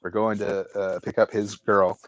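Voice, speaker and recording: A man's voice: lowish voice, normal speed, no room sound, highs cut off. A man telling a long story as a podcast co-host, rambling with restarts and fillers. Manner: rambling, many restarts and fillers, animated retellings. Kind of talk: casual storytelling.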